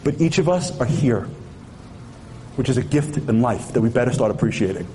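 A man's voice: medium pitch, expressive, normal speed, warm tone, slight background noise. A man giving an impassioned sermon-like speech at a memorial tribute, firing rhetorical questions at the audience and weaving in Hebrew terms.

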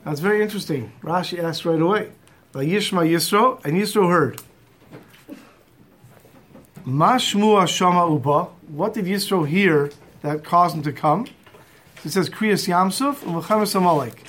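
A man's voice: high voice, moderate pace, fairly bright tone. A man teaching a Torah class in English mixed with Hebrew terms, telling a story and acting out its quotes.

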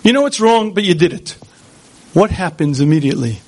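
A man giving a Torah lecture, animated and rhetorical, speaking straight to his audience. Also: very high-pitched, brisk.

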